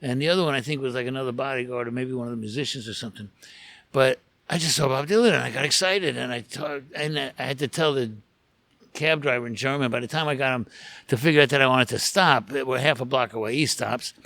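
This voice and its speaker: A man's voice: medium pitch, fast, creaky, pushed and bright, no echo. An older American man, a rock photographer, telling long stories as a podcast guest, with restarts and acted-out quotes. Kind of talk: casual storytelling in a podcast interview.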